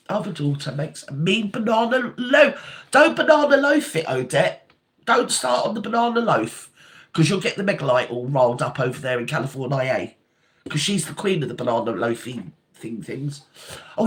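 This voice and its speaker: Lively chatty older woman. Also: deep voice. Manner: chatty, calls viewers darling and sweetheart. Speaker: livestream host reading viewer comments. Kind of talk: casual live chat.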